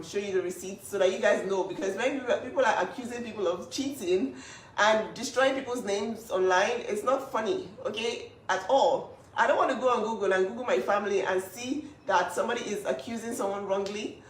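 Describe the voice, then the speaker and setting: A woman's voice: mid-range voice, brisk. An emphatic, indignant woman from Nigeria defends her younger sister's name. Her voice sits a little away from the mic in a roomy, echoing space. A faint hiss runs underneath. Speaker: older sister speaking out. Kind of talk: emotional on-camera statement. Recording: echoey room, voice at a distance, faint hiss.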